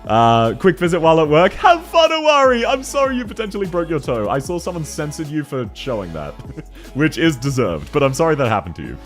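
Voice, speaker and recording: A man's voice: mid-range voice, expressive, brisk, faint music behind. A young Australian man streaming a game, chatting casually, teasing his chat, swearing and laughing often. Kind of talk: casual live-stream chat while playing.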